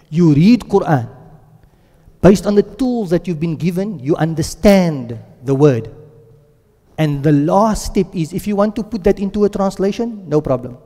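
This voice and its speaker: A man's voice: fairly high pitch, mellow. A man teaching a Quran and Arabic grammar class, who keeps asking the class questions and drilling words aloud. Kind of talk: classroom lecture. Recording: long echo of a lecture hall.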